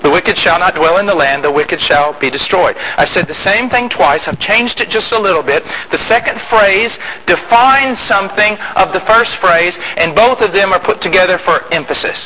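A man preaching a sermon, emphatic, swinging from loud rising outbursts to quiet low asides. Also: normal speed, highs cut off, slight background noise.

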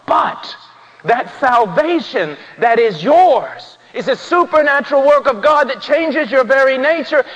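A man preaching an impassioned sermon, swinging from hushed, solemn passages to ringing, shouted emphasis. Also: very high voice, expressive, a little slow, hardly any pauses. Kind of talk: fiery sermon. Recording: dull sound in a reverberant church hall.

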